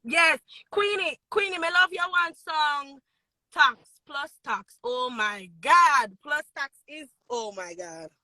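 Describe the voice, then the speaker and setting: Jamaican woman, excited fan calling in on a phone live stream, high bright voice, close and dry. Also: slow, no echo. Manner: gushing, pleading, repeats herself.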